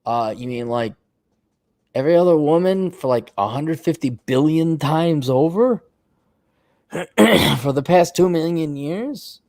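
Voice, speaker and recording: A man hosting an advice show, ranting bluntly and profanely, his voice jumping between high mocking outbursts and low mutters. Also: lively intonation, a little slow, a little mellow, no room sound, clean studio sound. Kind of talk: profane advice livestream rant.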